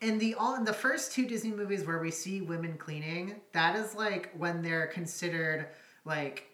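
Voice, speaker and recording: Wry lower-voiced woman, echoey room. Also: normal speed, fairly bright tone. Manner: wry, blunt, laughs often. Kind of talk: casual chat.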